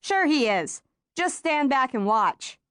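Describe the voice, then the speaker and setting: A woman's voice: high-pitched, big pitch swings, slow, a bit bright, clean tone, no room sound, clean studio sound, exaggerated voice. A woman voicing an earnest, playful young boy in an audiobook. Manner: earnest, encouraging. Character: patient, playful young boy training his dog. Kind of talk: audiobook character voice.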